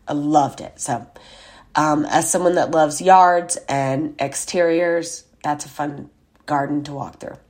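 A woman's voice: low-pitched, darkish tone. A woman hosting a podcast, telling a rambling personal story in a chatty, casual way with lots of fillers and asides. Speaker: podcast host.

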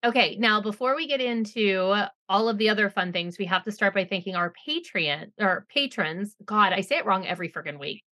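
Bright, emphatic woman podcast host. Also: medium pitch, animated, fairly quick, few pauses. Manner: emphatic and reactive, blunt humor. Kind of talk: casual chat and show reading.

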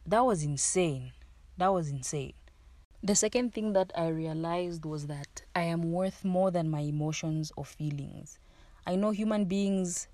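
A young woman talks to her listeners in a casual, heartfelt monologue, earnest and encouraging, often repeating a phrase to drive it home. Her voice sits a little low and sounds warm and mellow. The sound is dry and close, with no room in it. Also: dry recording. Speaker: podcast host.

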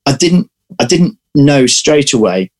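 A man, an actor, chatting in an interview, telling lively stories and restarting his sentences often. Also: medium pitch, a little slow. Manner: animated storyteller, restarts often. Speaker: actor guest. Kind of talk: casual interview chat.

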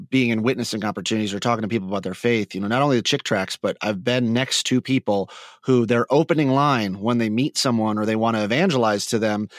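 A man's voice: fairly low pitch, no room sound, clean studio sound. A man co-hosting a casual faith podcast, talking in a reflective, searching way. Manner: reflective, lots of fillers and restarts. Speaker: podcast co-host.

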